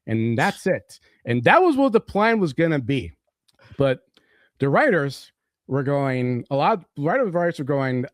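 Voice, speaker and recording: An animated man tells a comic book story in casual chat, full of "you know" and "like". His pitch jumps as he acts out characters. The sound is close and dry. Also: normal speed, dry recording. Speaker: podcast host explaining comics.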